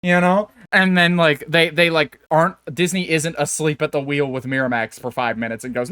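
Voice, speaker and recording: A rambling man co-hosting a casual podcast, his talk full of fillers, false starts and restarts. His voice sits somewhat high, and the recording is dry and close. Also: steady tone, normal speed, hardly any pauses, pushed and bright, smooth, no echo. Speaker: podcast co-host. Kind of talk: casual chat.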